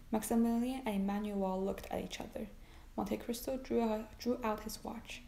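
Woman reading a novel aloud, slow and steady, some vocal fry. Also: medium pitch, roomy sound, low-quality recording. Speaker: audiobook narrator. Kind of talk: scripted narration.

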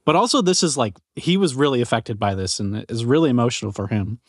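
A man hosting a podcast and asking relaxed, conversational questions. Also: medium pitch, fast, slightly rough, no echo, clean studio sound. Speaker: podcast host. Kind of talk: casual interview.

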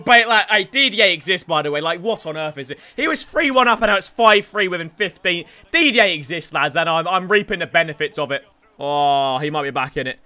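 A young man giving excitable commentary over his own football video game matches, shouting at players and swearing. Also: a little high, fairly quick. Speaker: gaming YouTuber. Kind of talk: gameplay commentary.

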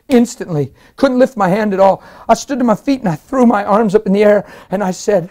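A man, a preacher, telling his testimony in an interview with emphatic, excitable storytelling. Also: high voice, brisk, hardly any pauses.

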